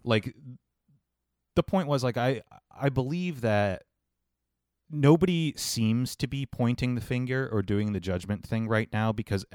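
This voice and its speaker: A man in casual conversation, making measured, hedged arguments and telling stories. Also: mid-range voice, darkish tone, no room sound, clean studio sound. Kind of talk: casual chat. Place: New York.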